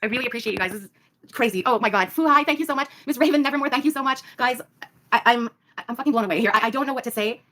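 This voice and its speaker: A woman's voice: a little high, very fast, fairly bright tone. A woman on a live stream, gushing breathlessly and repeating her thanks. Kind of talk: excited live stream chat. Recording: clip played from a live stream.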